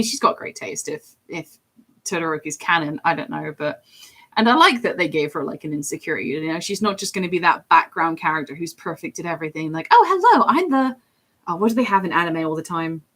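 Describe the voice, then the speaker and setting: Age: unknown. Sex: woman. Role: streamer and voice actor. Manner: rambling chat, somewhat low voice. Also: a bit bright. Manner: rambling, chatty, drops into put-on voices. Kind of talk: casual chat while drawing on stream.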